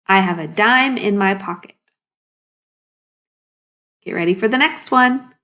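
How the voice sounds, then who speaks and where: A woman teaching a phonics lesson to young children, sounding words out slowly and asking the class encouraging questions. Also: medium pitch, sharp tone. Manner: slow, exaggerated sounding out of words.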